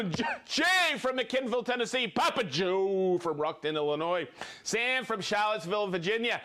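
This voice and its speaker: A very animated man with a high, sharp-toned voice and a moderate pace runs a live stream. Upbeat throughout, he names viewers and their places one after another, joking and laughing as he goes.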